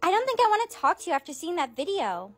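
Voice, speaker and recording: A woman's voice: very high voice, sing-song, fast, over loud music. A woman playing a smug teen classmate who accuses and whines to stir up drama. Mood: accusing. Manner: accusing, whiny, stirs up drama. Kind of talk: comedy skit acting.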